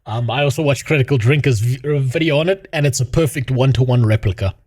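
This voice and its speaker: A man's voice: medium pitch, quick pace, a little mellow. A male streamer ranting casually in a mocking tone, laughing often and rambling. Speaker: streamer host. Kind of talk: casual rant.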